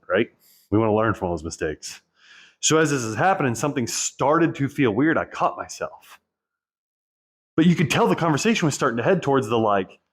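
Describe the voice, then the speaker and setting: A man hosting a channel for divorced men, talking through a personal story in a rambling, candid monologue laced with swearing. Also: mid-range voice. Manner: rambling, profane, self-reflective. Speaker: divorce coach and channel host.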